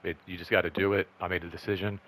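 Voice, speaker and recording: A man hosting a casual personal vlog update, rambling and excited, full of "like" and "um". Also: sits low, no room sound. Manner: rambling, lots of "like" and "um"; excited, upbeat. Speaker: channel host.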